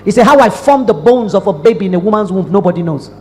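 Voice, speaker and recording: Animated Nigerian woman preaching in hall. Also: medium pitch, fast. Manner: animated storytelling with acted-out dialogue. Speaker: pastor. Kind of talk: sermon. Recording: long hall reverb.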